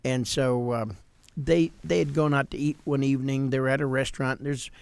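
Animated storytelling man, dry sound. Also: mid-range voice, normal speed, vocal fry, clean tone, no echo. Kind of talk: storytelling chat.

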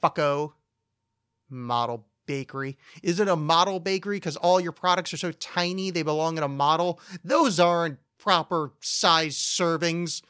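Male podcast host, slightly high voice, dry close mic, rambling and profane with mock outrage. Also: moderate pace, fairly bright tone, smooth, no echo. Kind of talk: solo comedic rant podcast.

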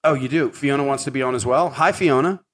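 A man's voice: mid-range voice, fast, fairly bright tone. A middle-aged man hosting his own podcast, telling stories casually and rambling, with lots of fillers and repeated words. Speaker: podcast host. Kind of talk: casual storytelling monologue.

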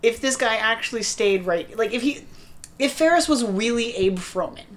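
A woman co-hosting a casual film podcast, animated and laughing often as she acts out lines from a movie. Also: a little high, moderate pace. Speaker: podcast co-host. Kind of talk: casual film discussion chat.

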